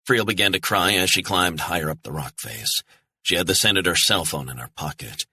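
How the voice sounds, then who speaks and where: A man narrating a thriller audiobook in a tense, measured way. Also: low-pitched, lively intonation, bright, forceful tone, breathy edge, no echo.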